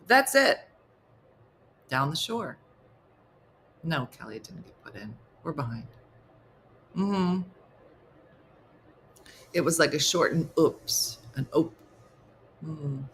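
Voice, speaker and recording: A woman's voice: sits low, animated, slow pace, long pauses, fairly bright tone, slight background noise. A woman with a New Jersey accent hosting a casual comedy livestream, reading viewer comments and teasing them in playful mock disgust. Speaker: comedy morning show host.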